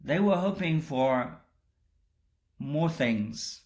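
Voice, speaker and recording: A man preaching a sermon in a measured way, rising in pitch when voicing the characters' astonishment. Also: expressive, darkish tone. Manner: slow, measured delivery that rises when voicing the disciples' astonishment.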